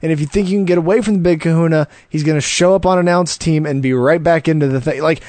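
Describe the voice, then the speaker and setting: A man hosting a casual podcast, joking and laughing as he talks in quick bursts into a close mic. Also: fairly high pitch, darkish tone, no echo. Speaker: podcast host. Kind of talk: casual chat reviewing wrestling.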